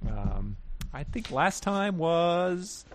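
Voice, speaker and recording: A man's voice: a little high, very animated, drawn-out words, slight background noise. A man co-hosting a podcast, chatting casually and reading book passages aloud with laughing asides. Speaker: podcast co-host.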